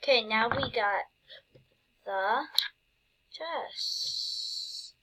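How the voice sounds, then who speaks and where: A woman's voice: a little high, animated, slow, pauses often, sharp tone. A woman giving casual gameplay commentary, giddy and gushing, with lots of fillers and exclamations. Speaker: gameplay video creator.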